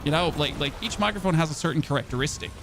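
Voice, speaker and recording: A man's voice: a little high, rapid-fire, noisy background. A man whose first language is German, chatting loosely with his stream audience as a game streamer, rambling and poking fun at himself. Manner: rambling, chatty, self-mocking, with restarts. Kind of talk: casual chat with live chat.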